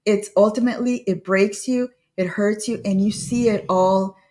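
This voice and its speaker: A woman's voice: medium pitch, darkish tone. Earnest woman co-host giving advice. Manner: earnest, urging, gives direct advice. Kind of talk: casual advice chat on etiquette.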